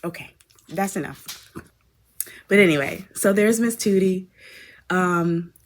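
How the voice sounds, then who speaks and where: A woman hosting her craft podcast from home, chatting casually and wandering with filler words. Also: lowish voice. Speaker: podcast host. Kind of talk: casual chat.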